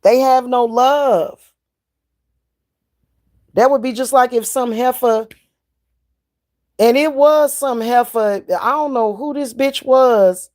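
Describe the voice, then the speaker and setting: A woman's voice: a little high, a little slow, darkish tone. A middle-aged woman, ranting in a casual vlog, blunt, heated and profane. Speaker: spiritual reader and vlogger.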